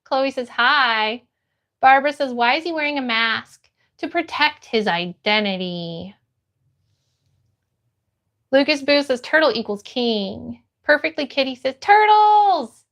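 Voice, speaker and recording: A woman's voice: fairly high pitch, a little slow, long pauses, bright, forceful tone. A woman livestreamer reading her chat aloud, upbeat and greeting viewers by name.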